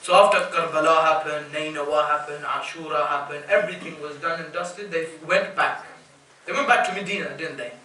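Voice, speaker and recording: Man, UK, mourning sermon, emotive, bright tone, far from the mic, faint room hum. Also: on the high side, fairly even intonation, fairly quick. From United Kingdom. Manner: emotive, addresses the crowd as brothers and sisters. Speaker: religious reciter. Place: mosque hall. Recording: echoey hall, distant mic, faint noise.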